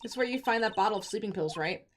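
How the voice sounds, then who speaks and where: A woman's voice: medium pitch, lively intonation, very fast, a little hiss or hum, natural voice. A woman voicing a young male defense lawyer from a video game in her own voice, in a plain questioning tone.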